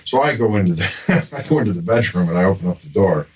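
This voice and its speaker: A man's voice: low-pitched, expressive, quick pace, darkish tone. An older man, a grandfather, telling a long exasperated story in casual podcast chat. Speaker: podcast guest. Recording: somewhat distant mic with faint noise.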